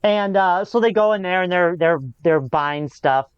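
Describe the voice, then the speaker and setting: Brief: podcast co-host, smooth resonant voice, dry dull mic, wry casual recap. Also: medium pitch, moderate pace, dry recording. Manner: wry, laughs often. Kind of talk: casual movie recap chat.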